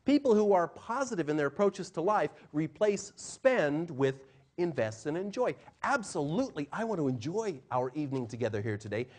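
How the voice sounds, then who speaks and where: A middle-aged man, a communication trainer, giving an animated live seminar talk to a room and acting out quotes in changing voices. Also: fairly high pitch, moderate pace.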